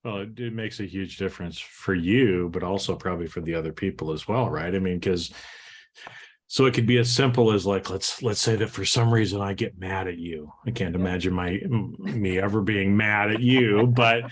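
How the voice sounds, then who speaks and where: A man with a somewhat low voice leads a casual podcast interview. He repeats himself and restarts his sentences, and he seeks agreement with a constant "right?". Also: normal speed, breathy edge. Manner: tags thoughts with rhetorical "right?", stammering restarts. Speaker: podcast host.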